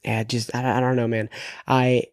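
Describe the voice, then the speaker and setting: A man's voice: medium pitch, level tone, normal speed, clear, resonant tone, no room sound, clean studio sound. A man co-hosting a podcast and chatting casually about a movie, rambling and full of fillers and restarts. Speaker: podcast co-host.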